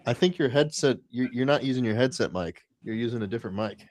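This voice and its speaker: A man's voice: medium pitch, animated, quick pace, a little mellow. A man hosting a podcast in a loose, joking way, full of slang and dude. His voice sits mid-range. He talks in casual chat with his guests. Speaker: podcast host.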